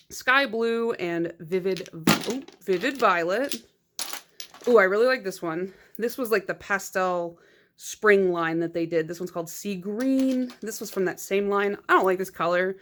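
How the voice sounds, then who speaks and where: A woman's voice: lowish voice, a bit bright, slight background noise. Chatty casual woman vlogger. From United States. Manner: chatty, rambling, filler-heavy. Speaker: nail polish vlogger. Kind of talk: casual vlog chat.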